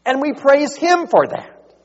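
A man preaching a sermon, rising to loud, drawn-out emphasis as he quotes scripture. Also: very high voice, big pitch swings, big-room sound, dull audio. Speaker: pastor.

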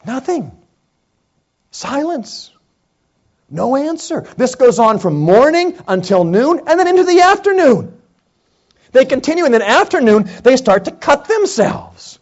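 A man preaching a sermon, retelling a Bible story dramatically and acting out the prophets' cries, swinging from loud calls to hushed lines. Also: extremely high pitch, sing-song, a little slow, dull audio. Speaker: pastor.

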